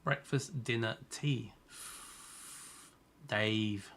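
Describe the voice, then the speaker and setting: A man's voice: on the low side, extremely slow, fairly bright tone, a little hiss or hum. A man live-streaming a racing game, chatting casually and teasing viewers as he answers their messages. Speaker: gaming streamer.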